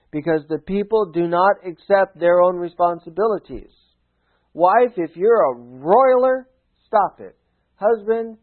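A man preaching a folksy sermon, urging his listeners, swinging from loud appeals to hushed asides. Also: fairly high pitch. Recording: phone-like narrow sound.

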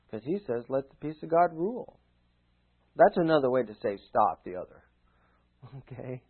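A man preaching a folksy sermon, urging his listeners, swinging from loud appeals to hushed asides. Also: fairly high pitch. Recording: phone-like narrow sound.

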